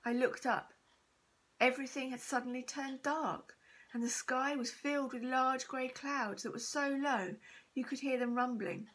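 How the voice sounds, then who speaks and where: A woman teacher reading a children's chapter book aloud, steady and expressive. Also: high-pitched, measured pace, rough recording. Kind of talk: storybook read-aloud.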